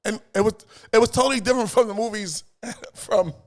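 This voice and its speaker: A middle-aged man, telling stories as an interview guest in an animated way, repeating phrases and acting out voices. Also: high voice, fairly quick. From New York. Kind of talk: casual storytelling chat.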